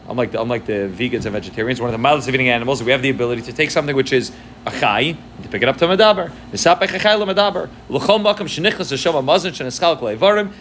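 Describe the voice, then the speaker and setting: A man's voice: mid-range voice, a bit bright, slight background noise. A man giving a Torah class, explaining texts line by line and mixing Hebrew and Yiddish terms into English, often checking in with "right?". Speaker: Torah teacher.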